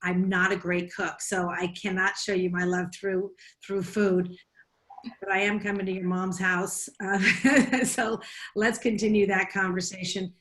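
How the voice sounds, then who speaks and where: A woman's voice: medium pitch, flat delivery, measured pace. An American woman moderating a panel over a video call, effusive and full of thanks. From United States. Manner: warm, effusive, wrapping up with thanks.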